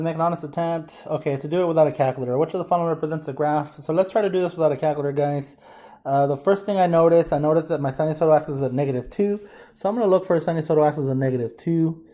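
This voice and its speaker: Male teacher, mellow tone, casual, thinking aloud through a lesson. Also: a little high. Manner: casual, thinks aloud while drawing, addresses class as guys. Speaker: math teacher. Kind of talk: informal lesson walkthrough.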